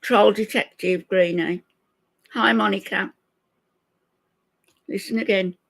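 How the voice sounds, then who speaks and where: A woman's voice: mid-range voice, steady tone, slow pace. An older woman hosting a casual livestream, talking to her viewers in an indignant, scolding way. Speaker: livestream host.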